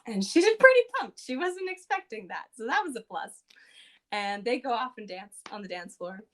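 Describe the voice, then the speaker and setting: A woman's voice: a little high, very animated, moderate pace, fairly bright tone. A woman podcast co-host casually recapping a tabletop game session, chatty and loose with lots of fillers.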